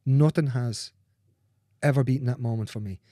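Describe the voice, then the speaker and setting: A man speaking as a guest in a candid conversation, earnest and repetitive, swearing freely and dropping into soft, near-whispered phrases. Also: mid-range voice, normal speed, dry recording, clean studio sound.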